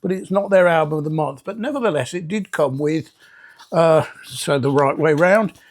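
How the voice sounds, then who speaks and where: A man's voice: a little high, moderate pace. An older man hosting a casual vinyl album review vlog, talking in a rambling way with many restarts.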